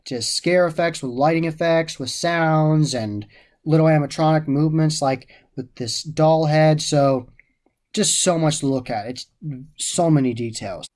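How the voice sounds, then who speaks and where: A man's voice: a little high, darkish tone. A man giving a casual, enthusiastic spoken review of a haunted attraction, often repeating how much he loved the details.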